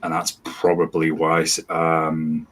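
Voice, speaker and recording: A man's voice: extremely low pitch, completely flat delivery, slow, fairly bright tone. A man from UK, co-hosting a casual film review chat in a hesitant, self-deprecating way. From northern UK. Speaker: co-host.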